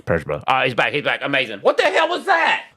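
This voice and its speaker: A man hosting a live-stream podcast, loud and exasperated, swearing and swinging between shouts and low mutters. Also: wildly swooping pitch, fast talker, slightly rough. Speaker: livestream podcast host.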